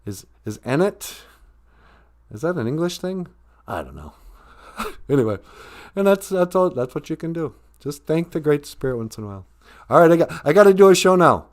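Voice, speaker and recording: A man's voice: on the high side, very animated, fairly quick. An older man hosting a casual live stream about Ojibwe, rambling and joking, often breaking into laughs. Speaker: host teaching Ojibwe.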